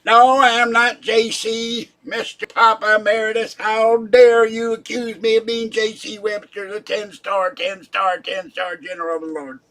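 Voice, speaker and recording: A pompous self-crowned general, put on by a man, thunders slow denunciations in a raised, loud voice. He draws out each title with mock grandeur. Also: little pitch movement, heavily acted. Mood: indignant. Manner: pompous, denouncing, booming slow proclamations. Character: blustering self-proclaimed ten-star general of the Lord, male. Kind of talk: livestream character bit.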